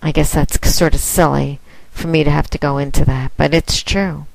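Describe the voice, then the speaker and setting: A woman's voice: low-pitched, fairly even intonation, normal speed, gravelly, a little mellow, no room sound, rough recording. A woman speaking as a dominant mistress, with a teasing, commanding manner in a casual monologue aimed at one listener. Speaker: phone domination mistress promoting her line.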